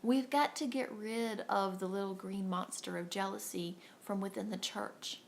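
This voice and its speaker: A woman's voice: mid-range voice, fairly even intonation, moderate pace, creaky, slight background noise. A woman giving an earnest, encouraging devotional talk to women, acting out little voices as she goes. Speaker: devotional host.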